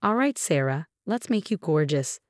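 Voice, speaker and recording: A woman's voice: deep voice, sing-song, normal speed, dry recording, studio quality. A woman voicing a nervous make-up artist who sounds falsely reassuring.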